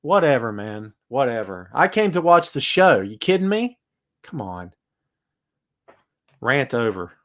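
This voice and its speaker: A man hosting a wrestling chat show, talking casually in an animated, ranting way and laughing often. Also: mid-range voice, a little slow, pauses often. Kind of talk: casual live-chat rant.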